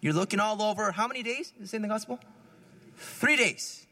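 Priest giving a chatty homily, high and bright voice, long church echo. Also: male voice, a little fast. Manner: conversational, lively, often laughing.

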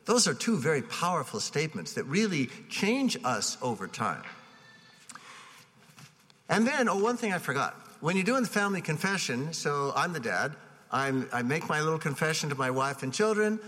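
A man's voice: a little high, sing-song, moderate pace, a bit bright, breathy edge. A man preaching a sermon to a live audience, telling stories conversationally with frequent restarts. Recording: long hall reverb.

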